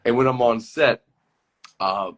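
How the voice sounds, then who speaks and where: A man being interviewed as a guest actor over a video call, telling rambling, animated stories in a casual chat and laughing easily. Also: mid-range voice, a little slow.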